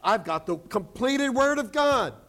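High-voiced preacher delivering a lively sermon. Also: male voice, measured pace. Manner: animated preaching with jokes and acted-out quotes. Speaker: pastor.

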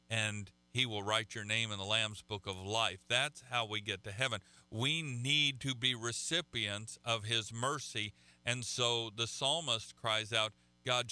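Bright-voiced preacher man. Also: mid-range voice, smooth, no echo. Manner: halting, repeats words, conversational preaching. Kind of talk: sermon.

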